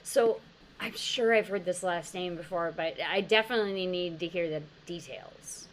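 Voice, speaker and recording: A woman's voice: fairly low pitch, moderate pace, a little hiss or hum. A woman co-hosting a podcast, telling stories in casual chat and laughing often. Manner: animated storyteller, laughs often. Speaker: podcast co-host.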